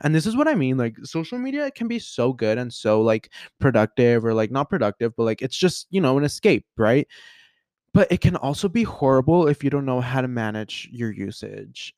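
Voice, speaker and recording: A man's voice: medium pitch, expressive, normal speed, a little mellow, no room sound. A man hosting a casual solo podcast, talking in an earnest, rambling way full of fillers and restarts. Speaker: podcast host.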